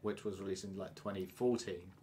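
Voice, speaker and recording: A man's voice: low voice, steady tone, brisk, dark tone, a little hiss or hum. An English man hosting a casual podcast chat, rambling with lots of fillers. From England. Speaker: podcast host.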